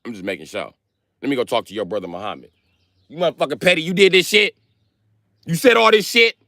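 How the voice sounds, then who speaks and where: A man voicing God as a gruff father who crudely questions his sons. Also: on the high side, fast talker, sharp tone, no room sound, clean studio sound, voice pushed up. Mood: interrogating. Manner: crude, interrogating.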